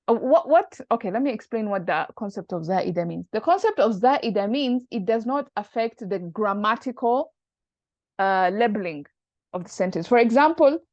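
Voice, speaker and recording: A woman's voice: a little high, a little mellow, dry recording. A woman teaching a grammar class, explaining patiently step by step and working through examples aloud. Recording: dull, dry lo-fi recording.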